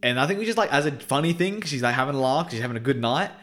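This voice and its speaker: A young male podcast co-host with a lively, swooping voice that rises and falls a lot. He chats casually and tells stories with energy, slipping into other people's lines as he goes. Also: mid-range voice, racing. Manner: animated storyteller, acts out quotes. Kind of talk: casual banter.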